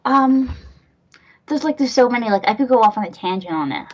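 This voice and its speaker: A woman's voice: a little high, animated, brisk, darkish tone, muffled recording. A woman hosting a podcast in casual chat, gushing and rambling, swearing casually. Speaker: podcast host.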